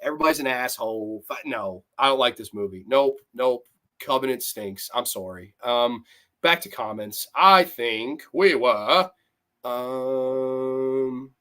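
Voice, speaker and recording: A young man hosting a livestream film review, reading chat comments and ranking films in blunt, profane, animated talk. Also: medium pitch, a little slow. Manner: blunt, profane, animated, laughs often, mocks characters in put-on voices. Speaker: host.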